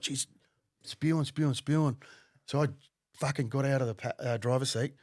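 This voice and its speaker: A man tells a wild story on a podcast, swearing freely and often laughing. His voice sits at an ordinary pitch. The recording is dry and close. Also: normal speed, no echo. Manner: profane, animated, laughing. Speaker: podcast guest. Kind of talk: casual storytelling.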